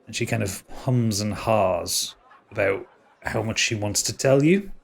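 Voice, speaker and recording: A man's voice: fairly low pitch, measured pace, gravelly. A man narrating as game master of a tabletop game, often stopping and repeating words.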